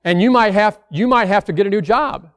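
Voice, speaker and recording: A man's voice: high voice, expressive, a little fast, no echo. Conversational preacher man, dry sound. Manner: conversational preaching, acts out worried church members. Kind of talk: sermon.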